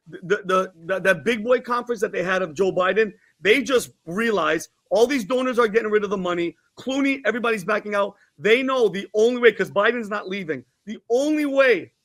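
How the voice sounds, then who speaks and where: A man's voice: sits high, fairly bright tone. A man on a podcast panel talking heatedly and bluntly, openly furious. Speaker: podcast co-host. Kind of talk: panel discussion.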